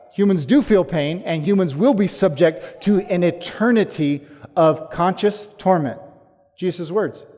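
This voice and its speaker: A man preaching a sermon as pastor, emphatic, rising to forceful challenges and then dropping low. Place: church sanctuary. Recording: long hall reverb.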